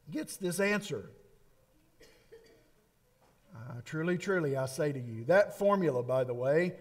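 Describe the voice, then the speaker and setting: A man preaching a sermon, emphatic and repetitive, with dramatic pauses. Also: sits high. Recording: long hall reverb.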